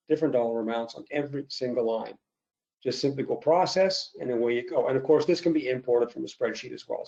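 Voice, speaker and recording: A man presenting a software product demo in a webinar, walking through features step by step. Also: medium pitch, highs cut off. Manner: explanatory, steady walkthrough with fillers.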